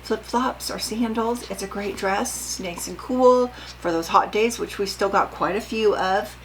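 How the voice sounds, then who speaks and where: A woman's voice: medium pitch, a little slow, a little hiss or hum, poor audio. Older woman chatting about her sewing. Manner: chatty, rambling, asks viewers questions. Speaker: sewing vlogger. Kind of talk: casual chatty vlog.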